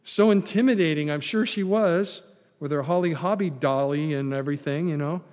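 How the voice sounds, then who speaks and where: A man preaching a sermon as a pastor, telling the story with lively, sarcastic asides. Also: a little high, moderate pace, big-room sound.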